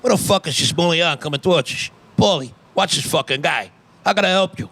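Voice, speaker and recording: A menacing New mob boss, put on by a man, spitting out fast, profane threats. The voice sits a bit high and rings bright and forceful. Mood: suspicious. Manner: rapid, profane tough-guy threats.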